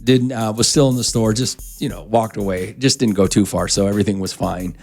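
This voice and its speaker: A man's voice: on the low side, steady tone, a little fast, vocal fry, darkish tone. A male radio morning show host talking casually in a studio, telling loose, rambling stories straight to his listeners. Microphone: studio microphone.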